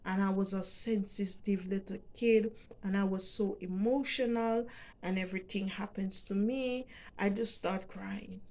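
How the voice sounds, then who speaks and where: Middle-aged Jamaican woman, vlogger, unhurried, halting and emotional delivery. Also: medium pitch, steady tone, a little mellow. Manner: halting, repeats words, emotional and heartfelt. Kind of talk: personal storytelling to camera.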